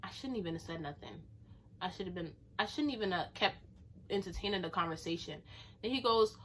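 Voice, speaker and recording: A young woman telling a story to camera in a chatty, animated way, full of "like". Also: medium pitch, fast talker, slightly rough. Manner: chatty and animated, leaning on filler "like". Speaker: storytime vlogger.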